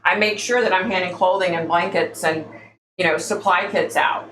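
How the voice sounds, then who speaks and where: A woman hosts a casual psychic livestream, chatty and exasperated, addressing her listeners as y'all. Her lowish voice has a fairly bright tone, fairly even intonation and normal speed. The room echoes, with faint background noise.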